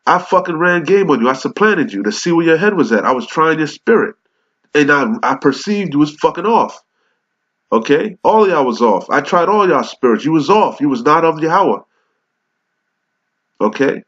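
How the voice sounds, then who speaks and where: Man, sick with a cold, fiery street preacher, cursing rebuke, higher voice, dull lo-fi audio. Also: sing-song, moderate pace, fairly bright tone. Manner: angry, profane, reads scripture aloud in old English. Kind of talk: confrontational rebuke sermon. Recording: dull lo-fi recording.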